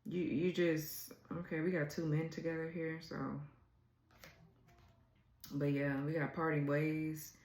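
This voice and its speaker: A woman's voice: deep voice, level tone, measured pace, pauses often, a little mellow, roomy sound, rough recording. A woman doing a casual tarot reading, blunt and exasperated, swearing freely as she reads the cards. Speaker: tarot reader.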